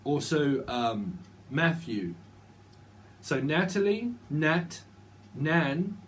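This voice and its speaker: A man's voice: fairly high pitch, lively intonation, extremely slow. A man giving a casual tarot reading, rambling and repeating words and names as he goes. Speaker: tarot reader.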